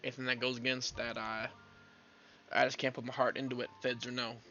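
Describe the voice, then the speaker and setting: Guy reading as a young 30s detective, earnest and reflective, bright voice, lo-fi mic. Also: mid-range voice, flat delivery, brisk, slight background noise, natural voice. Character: Riker, earnest young male 1930s detective.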